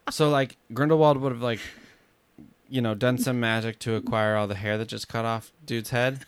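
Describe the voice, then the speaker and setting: A man's voice: mid-range voice, fairly even intonation, moderate pace, background noise. A man co-hosting a podcast, chatting casually and jokingly about movies, trailing off with fillers. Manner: rambling, jokey, trails off with fillers. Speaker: podcast co-host.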